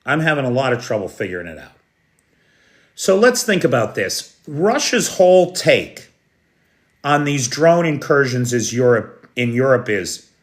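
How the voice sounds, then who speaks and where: A man's voice: mid-range voice, very animated, measured pace. An American man hosting a live news stream, blunt and sarcastic, who swears now and then and talks directly to his chat viewers. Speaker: livestream news host. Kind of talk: unscripted live news commentary.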